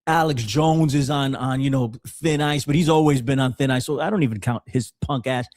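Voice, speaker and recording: A man hosting a podcast, giving casual political commentary in an animated way with frequent stammered restarts. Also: medium pitch, brisk, no echo, studio quality. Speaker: podcast host.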